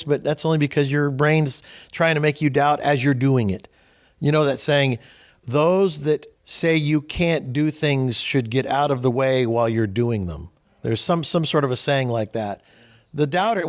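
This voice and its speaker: A man hosting a spiritual gathering, giving a folksy, sermon-style talk full of sayings and little acted-out quotes. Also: fairly high pitch. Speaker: host leading a spiritual gathering.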